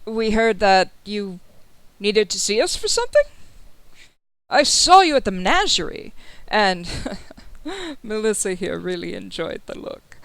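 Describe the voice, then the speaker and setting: A woman voicing a warm, welcoming male noble host who greets guests loudly in a tabletop game. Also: mid-range voice, sing-song, a little slow, long pauses, dry recording.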